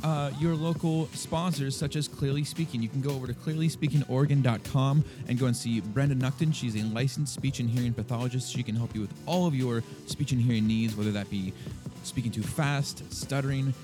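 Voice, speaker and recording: A man's voice: medium pitch, fairly quick, over music. A man co-hosting a casual sports podcast, laid-back, laughing often and using lots of filler words. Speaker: podcast co-host.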